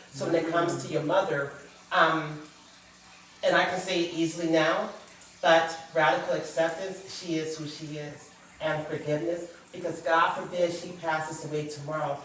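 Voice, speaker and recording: A woman's voice: deep voice, slight background noise. A middle-aged woman, a guest author, sharing a personal story on a talk show in an earnest, reflective way. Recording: echoey room, far from the mic.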